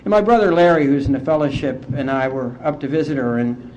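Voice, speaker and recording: A middle-aged man from West Virginia, speaking as an AA speaker and telling his recovery story to a conference in a heartfelt, unhurried way. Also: mid-range voice, expressive, a little mellow, a little hiss or hum. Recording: dull lo-fi conference tape.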